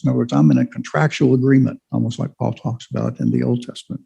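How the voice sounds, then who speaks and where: A man's voice: mid-range voice, expressive, a little fast, creaky, hardly any pauses, dark tone, husky, lo-fi sound. A man giving an informal church Bible lesson, rambling with many fillers and restarts. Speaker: Bible study teacher.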